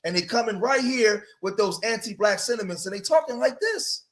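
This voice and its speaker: Emphatic high-voiced man reacting to clips. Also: fairly quick. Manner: animated, rising to loud emphatic outbursts, addresses viewers as y'all. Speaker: commentary host. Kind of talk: casual reaction commentary.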